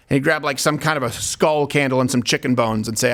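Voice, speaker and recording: A man's voice: medium pitch, racing, few pauses. A man hosting a comedic talk show, joking and rambling. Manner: joking, rambling, laughs at his own stories. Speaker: host.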